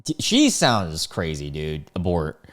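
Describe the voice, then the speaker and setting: A man hosting a reaction video, reading out texts and reacting with animated disbelief. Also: low-pitched, slow pace.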